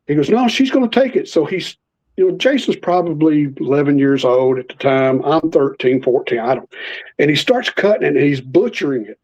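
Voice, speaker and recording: Animated man telling stories. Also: a little high, moderate pace. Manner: animated storyteller, acts out quoted voices. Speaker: podcast guest. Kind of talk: storytelling in casual interview. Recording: slightly muffled lo-fi audio.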